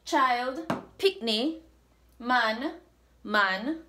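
A woman with a Jamaican accent teaching a language lesson, saying words slowly and repeating them for practice. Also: high voice, lively intonation, bright, forceful tone. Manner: slow, repeats words for drilling.

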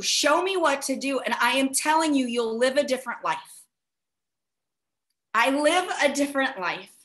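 American lady hyping a business on a zoom call, bright voice, kinda high, pushy and emphatic. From United States. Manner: emphatic, urging, with acted-out asides. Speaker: guest speaker. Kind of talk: motivational sales pitch. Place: home, over a video call. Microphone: video call.

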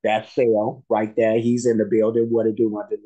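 A man's voice: fairly low pitch, completely flat delivery, brisk, dark tone, lo-fi sound. A man hosting a reaction channel, chatting casually and rambling with many fillers. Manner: rambling, filler-heavy, friendly. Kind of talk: casual reaction video chat.

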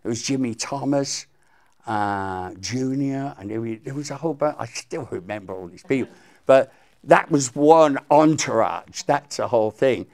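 A man's voice: mid-range voice, normal speed, vocal fry. An older man from England telling stories from his career as a musician in an interview, acting out the quotes. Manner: animated storyteller, acts out quotes. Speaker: guest musician. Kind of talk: storytelling interview.

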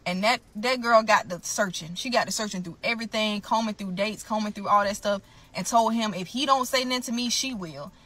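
A woman's voice: medium pitch, fairly quick, fairly bright tone. A woman telling her own story to camera, blunt and emphatic, often calling out to her viewers.

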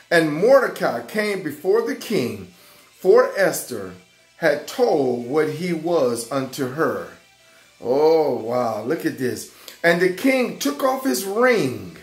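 A man teaching an excited Bible lesson to children, fervent and repeating his phrases. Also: high-pitched, roomy sound. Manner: fervent, repeats phrases, keeps saying "watch this" and "y'all".

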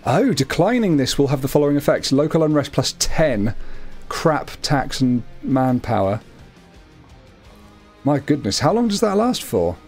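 A man's voice: on the high side, very animated, measured pace, a little mellow, husky. Chatty young man, faint music behind. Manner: chatty, self-amused, laughs often. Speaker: game commentator. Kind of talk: casual co-op gameplay chat.

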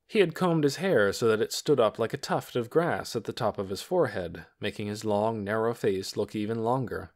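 A man reading an audiobook in calm, measured scripted narration. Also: on the low side.

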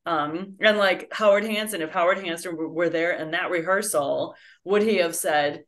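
Co-host: middle-aged woman, lowish voice, thinks aloud, loose and chatty. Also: normal speed, hardly any pauses. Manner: thoughtful, rambling with many fillers. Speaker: podcast co-host, flute teacher. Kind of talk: casual chat.

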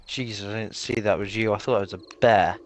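A man's voice: on the low side, steady tone, brisk, a little hiss or hum, low-quality recording. A man chatting with a friend while gaming, laid-back and telling silly jokes, on a headset mic. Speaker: let's play co-host. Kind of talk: casual gaming banter.

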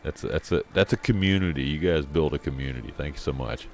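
A man chatting casually on a live game stream, rambling and halting as he thanks his viewers. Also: a bass voice.

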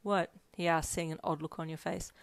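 A woman's voice: deep voice, level tone, fairly quick, vocal fry, dry recording. A woman narrating a second-person fan fiction story, reading expressively and voicing every character. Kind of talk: narrated reader-insert story.

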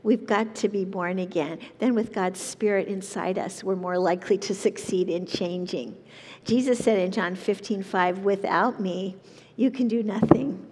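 A woman leading a Bible study, reading verses aloud and explaining them in an earnest, measured way. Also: medium pitch, darkish tone, big-room sound, slight background noise. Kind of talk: reading and teaching scripture.

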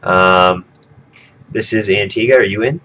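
A man's voice: fairly low pitch, a little slow, music in the background. A man co-hosting a casual gaming podcast, joking and swearing freely, his voice coming through a home mic with a robotic digital distortion. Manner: profane, joking banter. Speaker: podcast co-host. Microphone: home computer microphone.

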